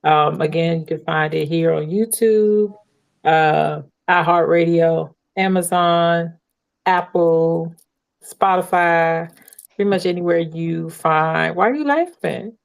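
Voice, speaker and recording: A woman hosting a relaxed podcast, quick to laugh and talking warmly about trusting God. Her voice sits a little low. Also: creaky, smooth. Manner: laughs easily, warm faith talk. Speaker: podcast host. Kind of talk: casual podcast chat.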